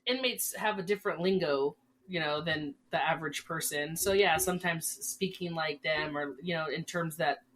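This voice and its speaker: A woman's voice: low-pitched, normal speed, a bit bright, a little hiss or hum. A young woman co-hosting a podcast who is also a corrections officer, speaking casually, agreeing often and finishing her partner's sentences. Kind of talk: casual conversation.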